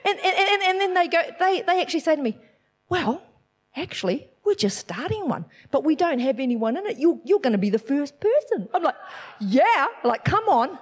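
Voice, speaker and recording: A middle-aged woman giving a chatty, animated church message, telling a personal story with self-deprecating laughs. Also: high voice, moderate pace. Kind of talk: personal testimony sermon.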